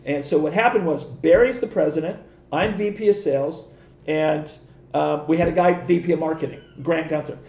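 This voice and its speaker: A man's voice: fairly high pitch, moderate pace, creaky, a little mellow. A middle-aged man, a podcast guest, telling rambling anecdotes in casual interview talk, acting out quoted dialogue, restarting sentences and swearing now and then. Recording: echoey room.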